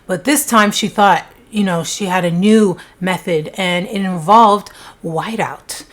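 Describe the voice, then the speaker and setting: A woman's voice: medium pitch, measured pace. A woman casually telling a true-crime story to camera in a chatty, conversational way, with frequent asides.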